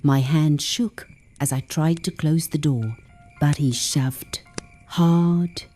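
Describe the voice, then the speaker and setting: Slow, mellow woman storyteller. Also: low-pitched, faint music behind. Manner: slow, measured, dropping to whispers at tense moments. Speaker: narrator. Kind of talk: scripted first-person storytelling for English learners.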